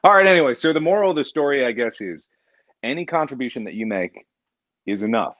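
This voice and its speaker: A man hosting a casual charity livestream, animated and jokey, sometimes jumping into high exaggerated outbursts. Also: fast talker, no room sound, dull audio. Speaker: livestream host.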